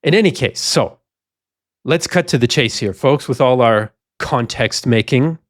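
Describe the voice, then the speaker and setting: A man's voice: mid-range voice, expressive, a little slow, dry recording, clean studio sound. A man co-hosting a history podcast, laying out background context at length in a discussion. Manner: explanatory, lays out context at length. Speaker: podcast co-host.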